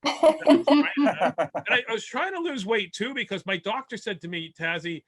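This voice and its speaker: A man's voice: very high voice, sing-song, moderate pace, fairly bright tone, breathy edge. A male comedian from Winnipeg doing a rambling, self-deprecating stand-up set over a video call, full of restarts. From Winnipeg, Canada.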